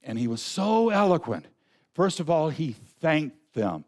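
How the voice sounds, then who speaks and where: A Southern man with a somewhat high-pitched voice delivers a Sunday sermon. His tone is earnest, and he slows his delivery sharply on the words that matter most. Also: big pitch swings. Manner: earnest, slows right down to stress key words. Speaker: guest speaker at a spiritual center.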